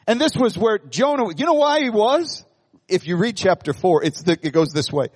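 A male pastor preaches in a high voice that swings widely in pitch. He talks to his congregation conversationally, throwing them questions. The sound carries the long reverb of a large hall. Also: big pitch swings, moderate pace, breathy edge. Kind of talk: sermon.

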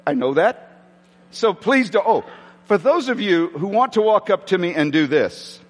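Animated pastor in a reverberant hall. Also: male voice, high-pitched, moderate pace. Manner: animated, self-mocking storytelling with many restarts. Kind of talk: sermon. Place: church hall.

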